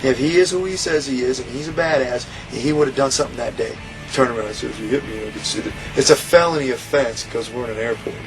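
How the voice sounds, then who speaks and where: A man's voice: mid-range voice, fast, music in the background, low-quality recording. A man telling a story in an interview, heated and profane, acting out what was said. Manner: heated, profane, acts out quoted lines. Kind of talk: animated storytelling.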